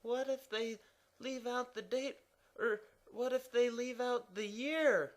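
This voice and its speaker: A man voicing a confused, timid male question mark character who speaks quietly and stammers. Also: extremely high pitch, slow, pitched above the performer's own voice. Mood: unsure.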